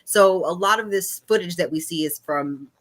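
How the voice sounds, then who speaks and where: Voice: medium pitch, moderate pace, a bit bright. A podcast co-host in their thirties talking casually, laughing easily and slipping in apologetic asides. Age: 30s. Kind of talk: casual chat.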